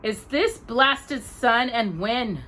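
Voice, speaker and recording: A woman doing a sunburnt frontier man griping in a folksy way, bright and lively, a storybook reading. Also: on the high side, very slow, voice pushed up, full character voice. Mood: grumbling. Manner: complaining, folksy. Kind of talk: reading aloud a children's novel.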